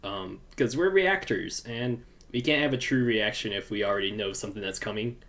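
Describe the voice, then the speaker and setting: Man chatting casually on a podcast. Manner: halting, acts out quotes with excited jumps in pitch. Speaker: podcast host and video reactor.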